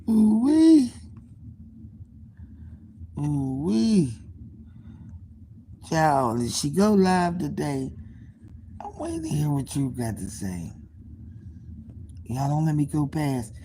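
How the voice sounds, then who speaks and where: A woman hosting a casual live stream, gossiping in an animated, profane way and laughing often. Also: sits low, slow, pauses often, a little hiss or hum. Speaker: livestream host.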